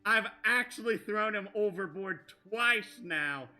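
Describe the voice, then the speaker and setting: A man's voice: high-pitched, animated, slow pace, pushed and bright, soft background music. A man running a tabletop game as game master, narrating in a rambling way with many restarts. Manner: rambling, full of restarts and fillers like "like".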